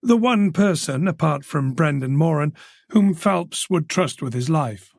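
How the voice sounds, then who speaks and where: Gravelly male audiobook narrator. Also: a little high, lively intonation, measured pace, dry recording, studio quality. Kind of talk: scripted narration.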